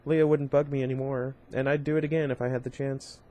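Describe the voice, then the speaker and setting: A man's voice: medium pitch, level tone, fast talker, dark tone. A man reading a novel aloud in an informal way, with small slips, restarts and brief asides. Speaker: reader.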